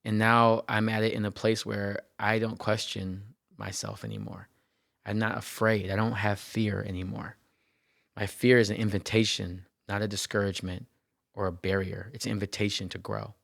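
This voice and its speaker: A man's voice: fairly low pitch, flat delivery, normal speed, creaky, a bit bright, no echo, clean studio sound. A man, a therapist hosting a podcast, telling his own story in an earnest, reflective way, often repeating phrases and checking in with "right?". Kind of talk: personal reflective podcast monologue.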